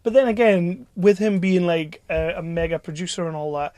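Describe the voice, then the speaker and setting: A man's voice: sits high, moderate pace, warm tone, dry recording. A young man co-hosting a podcast in casual banter, joking, laughing often and swearing freely. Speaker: podcast co-host.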